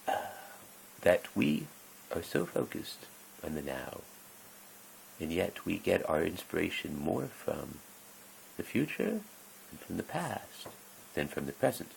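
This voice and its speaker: A man's voice: low voice, creaky, slight background noise, low-quality recording. A man talking in a rambling, meandering way, often breaking off mid-sentence and chuckling as he goes. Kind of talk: rambling casual monologue.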